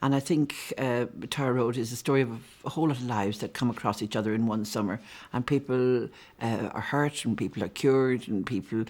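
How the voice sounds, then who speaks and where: Brief: woman, sixties, novelist being interviewed, warm and chatty, stumbles and repeats words naturally. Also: very deep voice, a little fast. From Ireland.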